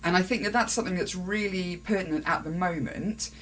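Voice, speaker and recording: A young woman co-hosting a podcast, chatting in a lively, self-deprecating way. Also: lowish voice, brisk, a little hiss or hum. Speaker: podcast co-host. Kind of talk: casual podcast chat.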